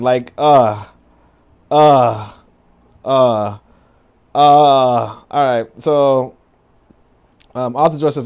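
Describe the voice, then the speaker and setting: A man hosting a livestream, reacting to viewer comments and clips in a rambling, profane, casual way. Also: fairly high pitch. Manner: rambling, profane, laughing asides. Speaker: livestream host.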